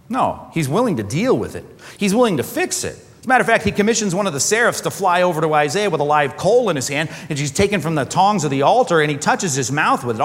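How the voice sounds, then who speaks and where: A man preaching a sermon as pastor, animated, often acting out quoted voices. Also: a little high. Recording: long hall reverb.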